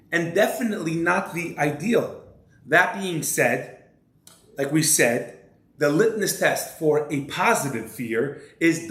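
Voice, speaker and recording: A male rabbi giving a measured lecture, posing rhetorical questions to his listeners. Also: fairly high pitch, a bit bright. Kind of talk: religious lecture. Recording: roomy echo.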